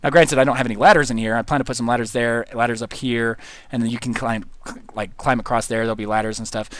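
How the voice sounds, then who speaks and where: A man's voice: medium pitch, steady tone, fast. A man streaming a game live, thinking aloud in a rambling, giggly way, full of "like" and "um" as he reads his chat. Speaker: livestreamer reading chat. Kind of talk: casual gameplay livestream commentary.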